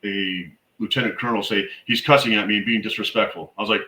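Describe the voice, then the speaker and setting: Blunt, forceful man in an echoey room. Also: on the low side, a little fast. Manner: blunt, emphatic storyteller. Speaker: guest, military veteran and suicide prevention educator. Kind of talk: conversational podcast interview.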